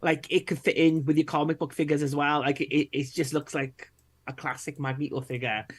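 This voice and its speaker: A man co-hosting a live stream, chatting in a relaxed, measured way with fillers. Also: a little high, husky. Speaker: co-host. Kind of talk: casual live-stream chat.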